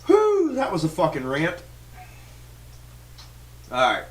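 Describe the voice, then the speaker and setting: A man with a somewhat high voice and huge pitch swings hosts a stock trading livestream, speaking slowly on a distant mic with a little hiss or hum. His rant is fired-up and profane, with constant swearing and rambling restarts.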